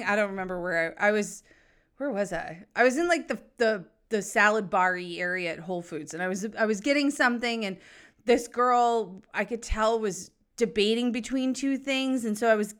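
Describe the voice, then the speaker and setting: A woman's voice: a little high, fairly bright tone, smooth. A woman podcast host with a New England accent, chatting casually and cheerfully, swearing now and then, her voice stuffy and nasal from allergies. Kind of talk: casual chat.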